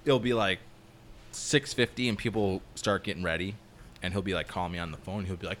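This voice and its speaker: A man's voice: deep voice, fairly quick, slight background noise. A man who works as a construction foreman, telling rambling, profane stories in casual chat. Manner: profane, rambling, animated storyteller.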